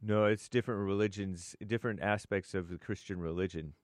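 A man's voice: deep voice, steady tone, a little fast, no room sound, studio quality. An American man co-hosting a live talk show, reading viewer messages and headlines with offhand comments and frequent chuckles. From United States.

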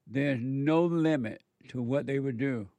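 A man giving a moralizing monologue in a slow, emphatic way, repeating words for stress. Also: medium pitch, dark tone, no echo.

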